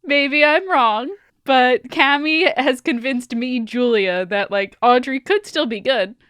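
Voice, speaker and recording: A woman on a tabletop podcast talks about the game in a quick, emphatic way and laughs easily. Her voice sits a bit high, and the recording is dry and close. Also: a bit bright, no echo. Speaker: player and co-host. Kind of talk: casual podcast chat.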